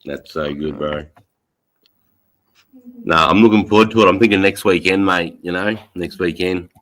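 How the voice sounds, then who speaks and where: Laid-back Aussie guy, lowish voice. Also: moderate pace, a bit bright. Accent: Australian. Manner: laid-back, swears freely, says mate a lot. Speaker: livestream host. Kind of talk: casual chat.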